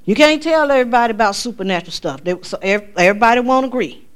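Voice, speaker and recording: A woman tells a testimony to a church congregation. She storytells with lively energy, and her pitch shoots up when she acts out her own cries. Her delivery is loose and conversational. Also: quick pace, clear, resonant tone. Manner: animated storytelling, voice climbing high for quoted exclamations. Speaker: speaker giving a testimony at church. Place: church sanctuary.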